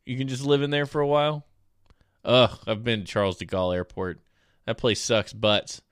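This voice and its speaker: A man's voice: mid-range voice, moderate pace, smooth, no echo, studio quality. A man from South Alabama, chatting casually as a streamer and rambling through stories. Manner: rambling, animated storyteller. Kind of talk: casual chat.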